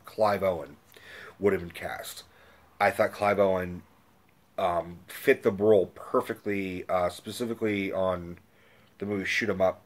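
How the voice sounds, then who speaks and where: A man rants casually about movies in a slightly low voice. He gets excitable and swears freely, rambling through restarts and fillers as his thoughts tumble out. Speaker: movie reviewer. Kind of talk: casual rant.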